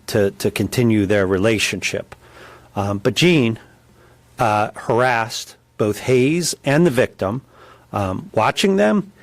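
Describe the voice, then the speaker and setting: A man giving a press conference statement as a prosecutor, halting with many ums and restarts. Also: mid-range voice, no echo.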